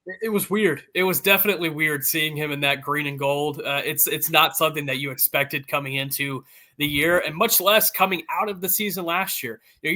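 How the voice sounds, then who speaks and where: Bright-voiced male sports reporter. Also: on the high side. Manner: fluent, informed, explanatory. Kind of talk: guest analysis in an interview.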